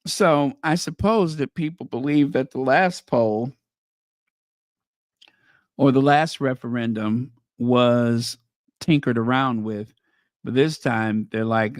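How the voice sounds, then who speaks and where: A man who talks slowly and deliberately, reading out headlines and then weighing in with casual, opinionated remarks. His voice sits at an ordinary middle pitch. The recording is dry and close, with no room sound. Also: no echo. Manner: reads headlines aloud then reacts with opinionated asides. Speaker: commentary channel host. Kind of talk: casual commentary on news headlines.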